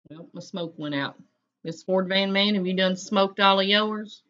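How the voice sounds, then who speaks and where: A woman's voice: mid-range voice, moderate pace, a bit bright, dull audio. A woman, hosting a casual livestream chat and greeting viewers by name in a folksy way. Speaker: livestream host.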